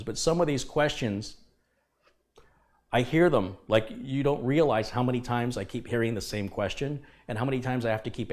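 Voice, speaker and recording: A man hosting a live computer repair stream, talking casually but with passion and emphasis, lecturing his viewers. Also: mid-range voice. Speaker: livestream host. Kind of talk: casual livestream talk.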